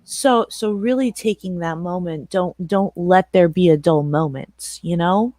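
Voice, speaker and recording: A young woman chatting on a livestream, telling stories with animated talk and frequent laughs. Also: fairly low pitch, measured pace, no echo. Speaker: streamer and channel moderator. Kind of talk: casual livestream chat.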